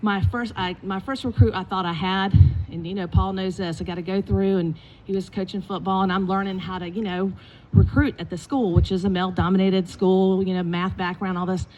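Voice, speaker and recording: A middle-aged woman, a basketball coach, telling lively stories in a eulogy and acting out the quotes. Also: medium pitch, fairly quick, hardly any pauses. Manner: animated storytelling with acted quotes. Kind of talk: eulogy with storytelling. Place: indoors at a funeral gathering.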